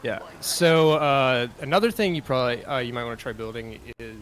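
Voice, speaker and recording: A man on a casual game livestream, explaining a mod faction in a relaxed way with many ums and uhs. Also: medium pitch, fairly quick, slight background noise. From Southern US. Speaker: mod developer presenting a faction.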